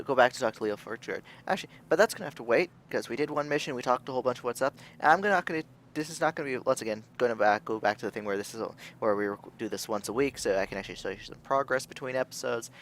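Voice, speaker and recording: Young gamer guy with a gravelly voice rambling through his let's play, lots of half-finished thoughts. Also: medium pitch, a bit bright. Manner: rambling, thinks aloud with restarts. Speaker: gaming video host. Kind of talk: casual let's-play commentary.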